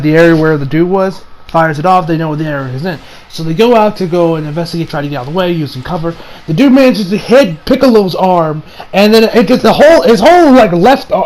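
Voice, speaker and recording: A man with a fairly high voice recapping an anime episode in an off-the-cuff way. He trails off and backtracks, using lots of slang and casual swearing. He sounds excitable throughout. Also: slight background noise, rough recording. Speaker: anime reviewer.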